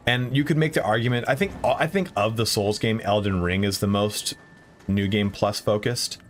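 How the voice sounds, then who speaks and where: This gaming streamer talks at a moderate pace in a somewhat low voice, with a little hiss or hum on the recording. He chats casually with his viewers while playing and curses when he loses, over faint game music.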